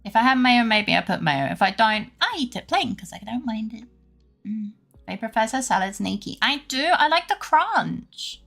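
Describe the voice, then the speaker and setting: A woman's voice: a little high, creaky, bright, forceful tone. A woman streamer chatting casually with her viewers, rambling and laughing often.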